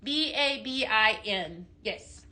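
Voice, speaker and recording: A woman's voice: on the high side, animated, slow, pushed and bright. A woman hosting a chatty live home-decor sales stream from her home, reading viewer comments aloud.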